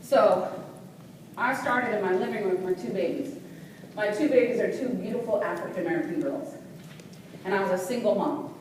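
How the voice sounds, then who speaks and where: A middle-aged woman speaker telling a personal story to a live audience, animated and sassy, with preacher-like call and response. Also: medium pitch, a little fast, pauses often. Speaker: motivational speaker. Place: large hall with audience. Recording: echoey hall from far off, noisy.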